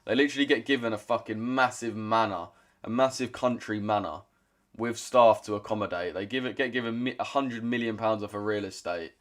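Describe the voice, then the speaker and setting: A man's voice: lowish voice, a little fast. A man in his twenties with a London accent, chatting casually on a trading livestream, blunt and slangy, swearing freely as he answers chat. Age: 20s. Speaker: trading streamer.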